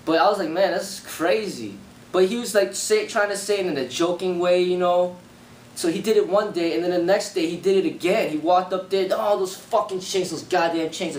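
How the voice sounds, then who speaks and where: A young man casually recounting personal experiences in a rambling way, full of repeated fillers. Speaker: martial arts channel host. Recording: echoey room with faint rumble.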